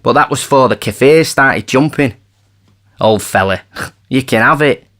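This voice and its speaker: A man voicing a plump, bumbling rich man who talks loudly and hastily. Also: mid-range voice, measured pace, pitched above the performer's own voice, natural voice. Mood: blustering. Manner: loud, hasty, blustering. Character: bumbling plump wealthy man, blustering and impetuous.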